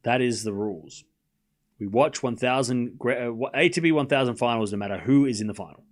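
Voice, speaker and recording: A man's voice: medium pitch, fairly quick. A man hosting a live tennis watchalong stream, calling scores and joking with chat. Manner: animated, joking, reads scores aloud while chatting with viewers. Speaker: livestream tennis watchalong host. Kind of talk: casual live commentary chat.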